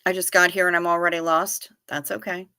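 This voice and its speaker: A woman hosts a relaxed livestream, reading chat aloud and firing back blunt, salty replies. Her voice is bright and punchy. The sound is dry and close, with no room echo. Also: on the low side, smooth. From United States. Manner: blunt, salty, quick to tease. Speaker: livestream host.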